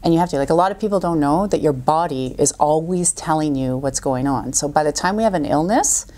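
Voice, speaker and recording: A middle-aged woman talking as a podcast guest, an animated storyteller who acts out quoted voices. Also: sits low, fairly quick. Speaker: guest coach. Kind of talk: podcast interview.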